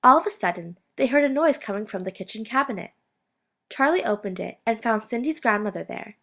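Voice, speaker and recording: A woman reading a fairy tale aloud as narrator, in a steady read-aloud way. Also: a little high, a little fast. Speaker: student reader.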